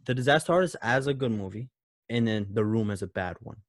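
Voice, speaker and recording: A man's voice: medium pitch, animated, fast, no room sound, studio quality. A man co-hosting a casual movie podcast who laughs often and acts out quotes in shifting voices. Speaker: podcast co-host.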